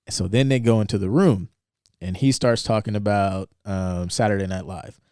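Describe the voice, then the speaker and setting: A man's voice: on the low side, moderate pace, no echo, studio quality. Chatty man retelling a film scene. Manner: rambling, animated retelling with quoted lines. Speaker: podcast co-host. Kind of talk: casual film discussion.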